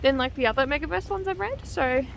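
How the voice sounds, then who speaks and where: A young woman chatting casually to camera as a book vlogger, animated and full of fillers. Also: sits high, quick pace, vocal fry, a little hiss or hum. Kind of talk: casual vlog chat.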